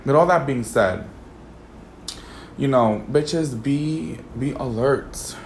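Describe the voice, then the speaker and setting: A man hosts a podcast alone and tells a personal story, dishing it out like sassy gossip full of slang. His voice has a gravelly fry and sits at an ordinary pitch. A faint hiss runs behind him. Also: takes it slowly, pauses often. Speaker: podcast host. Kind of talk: casual storytelling monologue.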